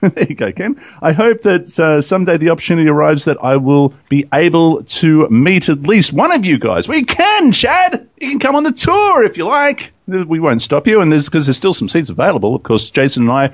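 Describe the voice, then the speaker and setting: Lively, chatty man hosting. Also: fairly high pitch, moderate pace, few pauses. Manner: chatty, laughing often, lively. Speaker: podcast host. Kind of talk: casual podcast chat.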